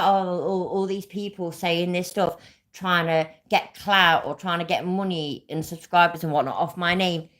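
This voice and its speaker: A woman's voice: sits low, normal speed. A British woman hosting a livestream, ranting angrily with heavy swearing and answering chat viewers by name. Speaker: livestream host. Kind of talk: casual livestream rant.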